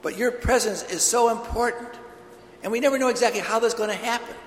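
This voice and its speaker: A very high-pitched male voice, fairly quick, belongs to a priest giving an earnest homily woven with stories. Long reverb fills the large church, and a little hiss or hum is audible.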